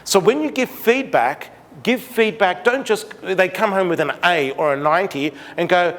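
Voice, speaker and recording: A middle-aged Australian man giving an animated seminar talk to parents, acting out conversations with his daughter. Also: high-pitched, moderate pace. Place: large school hall. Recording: long hall reverb.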